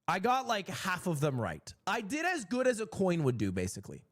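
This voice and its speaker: A man streaming, telling a story in a casual, animated and exasperated way. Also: high-pitched, moderate pace.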